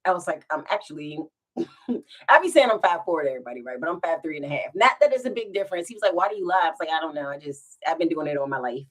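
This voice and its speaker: A woman's voice: deep voice, quick pace. A woman telling funny stories to her live viewers in a casual storytime, giggling and breaking into laughter as she goes. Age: adult with children. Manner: giggly, animated, bursts into laughter.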